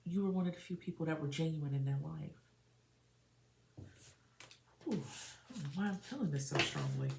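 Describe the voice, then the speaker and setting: A woman's voice: low-pitched, animated, moderate pace, creaky, long pauses, reverberant, slight background noise. A woman giving an emotional, earnest tarot reading for her viewers. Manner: emotional, earnest, channeling feelings. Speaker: tarot reader.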